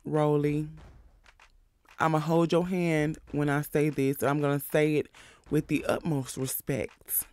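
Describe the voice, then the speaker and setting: A man hosting a casual recap of a reality show, sassy, animated and profane as he talks. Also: a little high, unhurried, clean tone.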